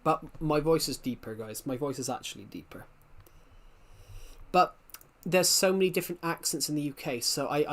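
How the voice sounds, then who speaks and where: A young man with a working-class southwest England accent, chatting casually on a live stream, rambling and repeating himself as he reads the chat aloud. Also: medium pitch.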